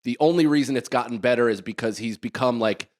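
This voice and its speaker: A man's voice: mid-range voice, fast. A middle-aged man co-hosting a comedy podcast, telling a rambling story and laughing through it. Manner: rambling, laughs through his own stories. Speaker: podcast co-host.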